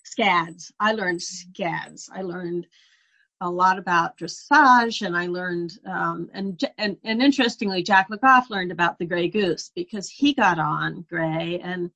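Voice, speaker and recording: A woman's voice: on the low side, unhurried, sharp tone. Earnest woman telling a story. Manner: earnest, reflective, laughs at own pain. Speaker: guest. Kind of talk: conversational storytelling.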